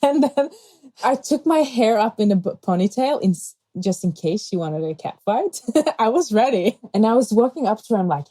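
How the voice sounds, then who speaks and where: A young adult woman who grew up in Norway, a pastor and podcast guest, telling personal stories with lively acted-out quotes and frequent laughter. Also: on the high side, normal speed, slightly rough, low-quality recording. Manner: animated storyteller who acts out quoted voices and laughs often. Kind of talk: personal storytelling in an interview.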